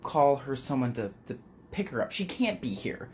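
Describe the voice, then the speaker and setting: A man's voice: mid-range voice, big pitch swings, normal speed, slight background noise. A man voicing a worried, protective male camp teacher who talks fretfully and coaxes children. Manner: fretful, then coaxing with kids.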